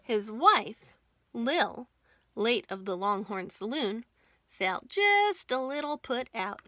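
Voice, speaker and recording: Bright-voiced storytime librarian. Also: female voice, mid-range voice, slow pace, no echo. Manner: expressive, folksy storytelling. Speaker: children's librarian. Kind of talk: children's storytime reading.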